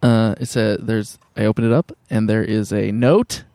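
A man's voice: fairly low pitch, fairly even intonation, moderate pace, dark tone, no room sound. A man co-hosting a podcast, making joking asides and reading out listener mail. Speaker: podcast co-host. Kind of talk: casual chat.

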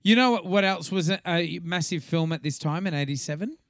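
A man's voice: on the high side, brisk, fairly bright tone, no room sound, clean studio sound. Chatty Australian man, swears a lot. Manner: chatty, swears freely, laughs often. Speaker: podcast co-host. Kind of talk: casual chat.

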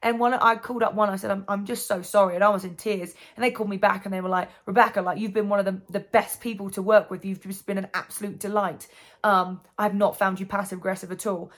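A woman's voice: medium pitch, flat delivery, fast. A woman telling a personal story in a casual monologue, rambling with lots of fillers and restarts. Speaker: vlogger and coach.

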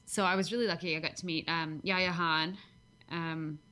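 A young Canadian-accented woman chats easily as a podcast guest, with a slightly low voice. She rambles a little, filling pauses with ums, and laughs at herself. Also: fairly even intonation, pushed and bright. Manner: chatty, self-deprecating, fillers. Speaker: guest, cosplayer. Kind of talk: casual podcast interview.

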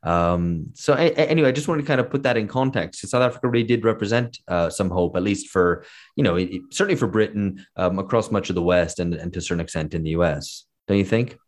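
A man hosting a podcast in casual chat, relaxed and hesitant with many fillers, speaking over a remote call. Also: low-pitched, fast. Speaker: podcast host.

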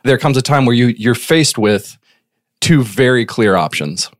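A podcast host with a mid-pitched voice who speaks earnestly and admiringly to his guest, loose and chatty. His voice sits close and dry, with no echo. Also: expressive, a little slow. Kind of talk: casual interview chat.

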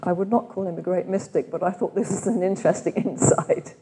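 A woman's voice: fairly low pitch, a little fast, dark tone, big-room sound, a little hiss or hum. Older English woman, reflective retreat talk. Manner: reflective, asks many questions. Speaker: retreat leader. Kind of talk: retreat talk with read-aloud quotations. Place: meditation centre room.

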